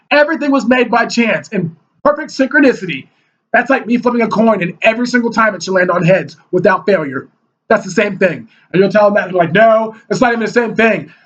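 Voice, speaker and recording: A man with a very high voice rants on camera, heated and scornful, mocking the people he argues against. The recording is dull and lo-fi, with the top end rolled off. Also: a bit bright. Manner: heated and mocking, mimics opponents in whiny voices. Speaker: video blogger. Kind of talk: ranting monologue.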